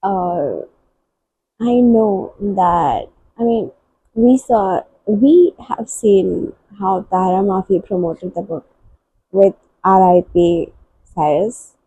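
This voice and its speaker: Book vlogger, female. Very mellow, breathy tone, soft-spoken and halting. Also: medium pitch, no echo, muffled recording. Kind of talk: reading-vlog reactions.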